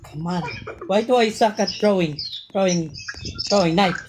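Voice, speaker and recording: Excitable woman gamer, noisy mic. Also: medium pitch, moderate pace. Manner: excitable, calls out teammates. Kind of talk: casual gameplay chat. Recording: noisy home mic with clicks.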